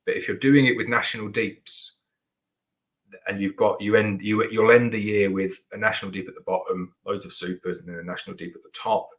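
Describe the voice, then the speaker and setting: A man's voice: lowish voice, steady tone, fairly quick, poor audio. A man hosting a casual live question-and-answer show, chatty and rambling with lots of restarts and fillers. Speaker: beekeeper host answering viewer questions.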